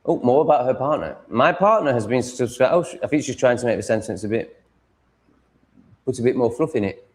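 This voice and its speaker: A man's voice: medium pitch, lively intonation, fairly quick, long pauses, mellow. Crude, mocking man streaming live. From Sheffield, England. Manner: crude, mocking, swears freely. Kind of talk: rambling live-stream chat.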